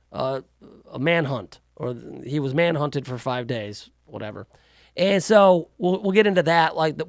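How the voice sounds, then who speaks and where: A man's voice: high voice, no echo, clean studio sound. A man hosting a talk radio show, delivering a rambling, sarcastic monologue full of jokey asides. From United States. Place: radio studio.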